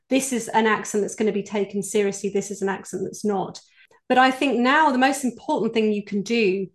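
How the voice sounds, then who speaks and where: A British woman, a voice coach, answering interview questions in an earnest, explanatory way. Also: on the high side. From United Kingdom. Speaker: executive voice coach, guest.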